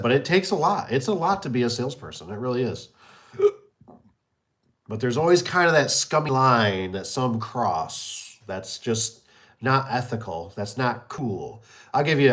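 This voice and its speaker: A man telling rambling stories about his business in a casual live chat, often repeating himself and acting out the people he quotes. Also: on the low side. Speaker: small business owner hosting a live stream. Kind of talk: casual storytelling.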